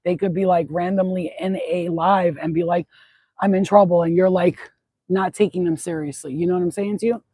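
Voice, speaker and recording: A woman's voice: fairly low pitch, steady tone, fairly quick, mellow, husky, dry recording, rough recording. A middle-aged woman rambling in a casual livestream chat outdoors at sunset, swearing freely and repeating herself as she goes. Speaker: spiritual channel host.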